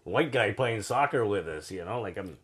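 Rambling, swearing Canadian man, lowish voice. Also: expressive, moderate pace, a bit bright, husky. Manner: rambling, swears freely, many fillers. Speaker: guest telling travel stories. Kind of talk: casual storytelling chat.

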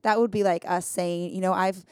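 A woman's voice: lowish voice, steady tone, normal speed, clean tone, no room sound, studio quality. A woman co-hosting a casual Bible study chat, earnest and emphatic, thinking aloud as she explains. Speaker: podcast co-host.

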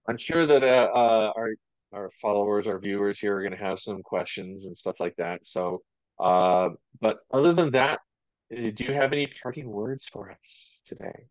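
A man's voice: lowish voice, measured pace, dry recording, dull audio. A man hosting an interview, speaking casually with many hesitant fillers. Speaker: interview host.

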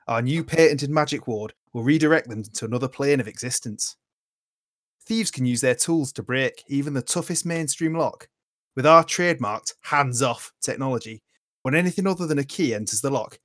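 A man voicing a gruff Northern male dwarf who pitches home security in a hard-sell advert, with a put-on Yorkshire accent. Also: dry recording, clean studio sound, natural voice.

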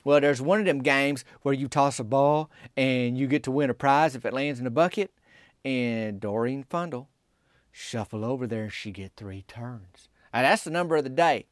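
A man telling a rambling, folksy small-town story, raising his pitch to quote the people in it. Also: moderate pace, dry recording, clean studio sound. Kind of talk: folksy comic storytelling monologue.

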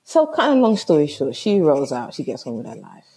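A woman telling a comic story in a casual, animated, exasperated way, swearing freely. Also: low-pitched, fairly quick, husky.

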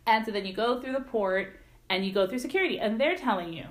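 A woman in casual conversation, telling a travel story with animated quoted voices. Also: a little high, fast talker.

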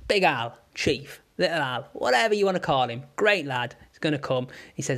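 A man's voice: fairly high pitch, animated, a little fast, vocal fry, fairly bright tone. Sweary man ranting. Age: 30s. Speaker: vlogger. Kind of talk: comic rant. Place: at home.

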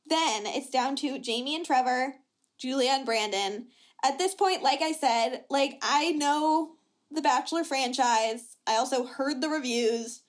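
A woman's voice: high voice, unhurried. A young woman co-hosting a podcast, casually recapping a reality show and acting out what people said. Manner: chatty storyteller, acts out quotes. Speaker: podcast co-host.

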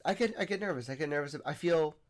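A man's voice: on the high side, lively intonation, quick pace. A young man hosting a podcast, talking earnestly in a casual monologue, often restarting his sentences. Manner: earnest, rambling, with frequent restarts. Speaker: podcast host.

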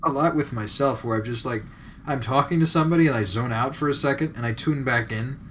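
A man's voice: mid-range voice, brisk, fairly bright tone, slight background noise, low-quality recording. A man, a podcast co-host, telling stories with dry self-deprecating humor in casual chat.

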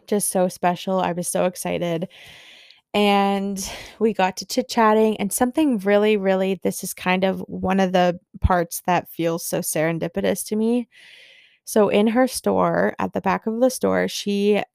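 Young woman, excitable casual storytelling, dry close sound. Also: mid-range voice, measured pace, vocal fry, dry recording. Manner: gushing, excitable, lots of fillers. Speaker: podcast host.

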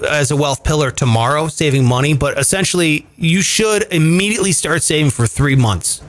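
Animated, profane male show host. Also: a little high. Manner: animated, profane, emphatic explaining. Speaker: podcast host. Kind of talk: casual chat show.

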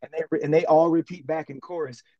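A teacher with a fairly high voice talks fast in casual podcast chat, recorded lo-fi with no room sound. He's an animated storyteller, acting out classroom exchanges as he tells his stories.

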